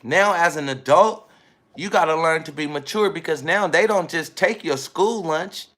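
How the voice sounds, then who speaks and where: A man's voice: a little high, moderate pace, fairly bright tone. Man rambling in an emphatic vlog monologue. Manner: rambling, emphatic, repeats phrases. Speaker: vlogger. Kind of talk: casual self-filmed monologue.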